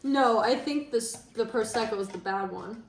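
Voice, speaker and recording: A young woman, the host's sister, giving blunt and lively reactions during a tasting. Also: a little high, moderate pace, recorded from a distance. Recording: echoey room, faint noise.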